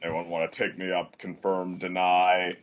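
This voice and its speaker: Man, podcast host, low voice, rambling, filler-heavy, dull lo-fi audio. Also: completely flat delivery, moderate pace, a bit bright. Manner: rambling, many fillers and restarts. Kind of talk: casual discussion podcast.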